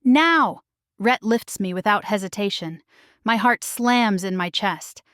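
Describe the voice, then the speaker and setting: A woman narrating a first-person paranormal romance story in a slow, dramatic delivery. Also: medium pitch, no room sound, studio quality.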